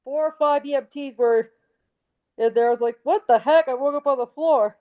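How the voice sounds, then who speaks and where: A young woman co-hosting a casual podcast chat, talking in quick fragments with frequent giggles. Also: high-pitched, steady tone, narrow, tinny audio. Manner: chatty and giggly, tells things in quick fragments. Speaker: podcast co-host living with seizures.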